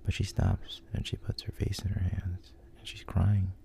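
A man with a very deep, gravelly voice tells a story in a hushed whisper. His tone is dark and mellow, and he talks in an unhurried way with pauses and restarts. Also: monotone, a little hiss or hum. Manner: soft, unhurried, with frequent ums and restarts.

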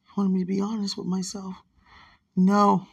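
A woman leaving a soft, rambling, affectionate voice message while lying in bed at night, with her phone held close to her mouth. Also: mid-range voice, completely flat delivery, normal speed, gravelly, breathy edge, dry recording. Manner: soft, hushed, rambling and affectionate, often religious. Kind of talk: intimate late-night voice message.

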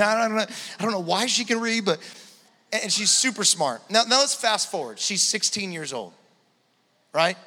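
A man in his thirties preaching a sermon, telling stories with animated swings from hushed to loud. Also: fairly high pitch. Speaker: pastor. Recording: long hall reverb.

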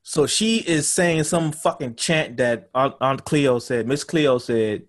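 A man with an average-pitched voice co-hosts a podcast. He retells a TV episode in a loose, rambling way, with plenty of swearing. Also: takes it slowly. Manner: loose storytelling with profanity and laughs. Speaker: podcast co-host. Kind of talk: casual recap of a TV episode.

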